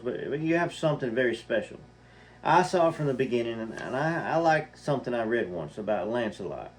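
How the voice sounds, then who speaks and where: A man's voice: medium pitch, darkish tone, close to an everyday voice. A man reading the lines of a shy, earnest eighteen-year-old singer, stammering and restarting as he speaks.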